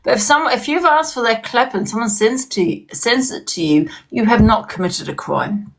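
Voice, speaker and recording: A woman's voice: a little high, expressive, normal speed, gravelly. A woman as an interview guest, talking in heated, emphatic casual chat and often repeating herself. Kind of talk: casual chat on a live stream.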